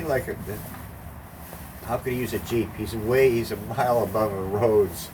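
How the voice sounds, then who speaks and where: In casual conversation, an older man with a mid-range voice and moderate pace recounts a profane, wandering anecdote, performing the voices of those in the story. Faint background noise accompanies the distant mic.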